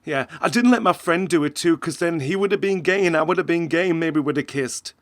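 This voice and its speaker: A man's voice: fairly high pitch, a little fast. A man giving casual satirical reaction commentary in a sarcastic tone, often laughing between remarks. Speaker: commentary host.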